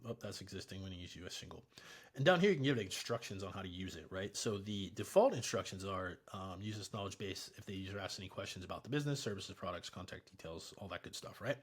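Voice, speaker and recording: Low husky guy casually walking thru a software setup, chatty. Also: animated, fast. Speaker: software tutorial presenter. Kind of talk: casual screen-recorded tutorial.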